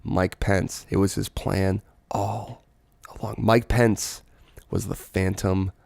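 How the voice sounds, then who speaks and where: A man's voice: sits low, flat delivery, takes it slowly, gravelly, darkish tone, no echo, clean studio sound. A man co-hosting a podcast, chatting casually and joking, laughing often. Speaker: podcast co-host. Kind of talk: casual comedic chat.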